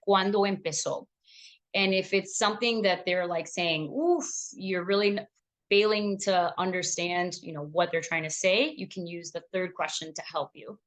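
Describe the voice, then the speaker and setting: Woman physician teaching with slides, lowish voice. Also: a bit bright. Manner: clear, explanatory, mixes English with Spanish phrases. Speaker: physician teaching medical Spanish. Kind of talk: lecture with slides.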